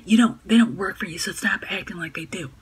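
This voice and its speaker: A woman's voice: medium pitch, a little fast, breathy edge, rough recording. A woman putting on a snarky, preachy voice for a scolding woman, sneering and lecturing as she reads aloud. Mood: mocking.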